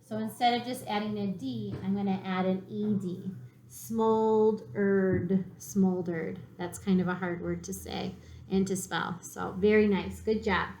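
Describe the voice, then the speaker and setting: A woman's voice: mid-range voice, fairly even intonation, moderate pace, darkish tone. A woman teaching a third grade reading lesson, patiently sounding words out syllable by syllable. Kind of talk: slow spelling lesson for children. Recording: echoey room.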